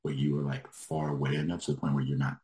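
A man's voice: extremely low pitch, little pitch movement, quick pace, darkish tone, echoey room. A man telling a story in casual chat, rambling and full of filler words, laughing now and then. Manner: rambling, lots of likes, laughs while telling.

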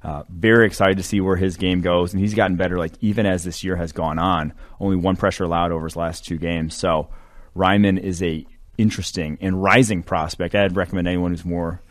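Low-voiced man rambling on a sports podcast. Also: steady tone, fairly quick. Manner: loose, rambling, heavy on fillers. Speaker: podcast co-host, draft analyst. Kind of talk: casual sports podcast chat.

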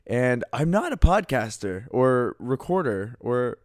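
A man's voice: mid-range voice, very animated, slow pace, no echo, studio quality. A young man co-hosting a podcast with his wife, chatting casually and teasing her. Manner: teasing, joking. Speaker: podcast co-host. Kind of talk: casual chat.

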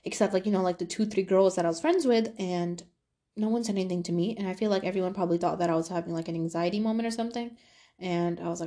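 A young woman hosting a podcast, telling a personal story in a casual, animated way with lots of fillers. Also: mid-range voice, quick pace. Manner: animated, talkative, many fillers. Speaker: podcast host.

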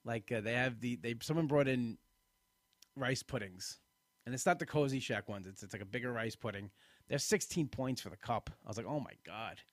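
A man's voice: mid-range voice, a little fast, dry recording, studio quality. A man hosting a casual live podcast, chatty and self-deprecating, a bit tired and rambling with restarts. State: tired, yawning. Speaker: podcast host.

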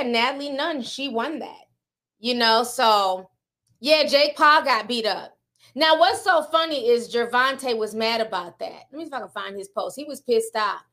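A woman's voice: sits high, fairly bright tone. A woman vlogger giving casual gossip commentary, chatty and slangy, often breaking into laughter.

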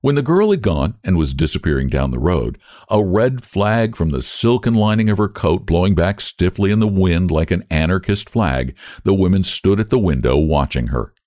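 A man narrating a story aloud with a measured, expressive reading. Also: sits low, dry recording, studio quality. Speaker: audiobook narrator.

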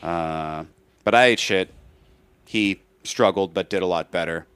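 A man's voice: deep voice, a little slow, a bit bright, clean tone, dry recording. A man co-hosting a casual comedy podcast, telling a rambling story and acting out what people said. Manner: rambling storyteller, restarts and acts out quotes. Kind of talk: casual chat.

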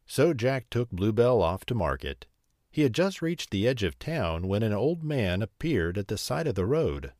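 A man tells a fairy tale slowly, with a fairly low voice that swings widely in pitch. The recording is dry and close, with no room sound. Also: no room sound. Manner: slow, lively storybook telling. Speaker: storyteller. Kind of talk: fairy tale read aloud.

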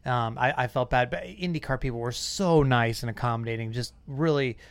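A man's voice: mid-range voice, a little fast, clean tone, dry recording. A man hosting a podcast, chatting casually and a bit self-deprecating. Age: 30s or 40s. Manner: chatty, self-deprecating, retells stories with little voices. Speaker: podcast host.

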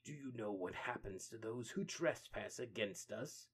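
Sinister rat-lord villain for a comic read-aloud, slow and hushed, put on by a man. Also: lowish voice, a little hiss or hum, close to an everyday voice. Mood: menacing. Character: menacing male mutant rat king, regal.

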